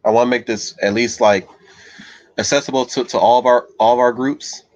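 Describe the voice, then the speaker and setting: Here a man runs a livestream, loosely wandering from one viewer comment to the next and working out his replies as he goes. He speaks a little fast at a medium pitch, with fairly even intonation, captured dry on a slightly dull lo-fi microphone.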